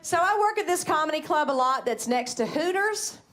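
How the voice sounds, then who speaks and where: A woman's voice: sits high, expressive, brisk, a bit bright. A woman with a Southern accent performing a brash, profane stand-up set at a comedy club. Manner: brash, profane, mocking quoted voices. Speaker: stand-up comic. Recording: live club with audience laughter.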